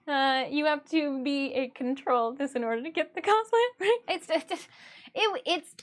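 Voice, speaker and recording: A woman from Michigan, USA, who is a livestreamer and artist, chats casually on her stream in a high, animated, fairly bright voice that moves a little slowly. She's chatty and self-mocking and often breaks into giggles.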